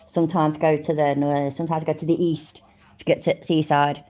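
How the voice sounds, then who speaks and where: A woman's voice: sits low, little pitch movement, brisk, warm tone. A woman from Middle England, chatting casually on a live stream, easily amused and laughing often. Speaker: streamer reacting to videos and chat.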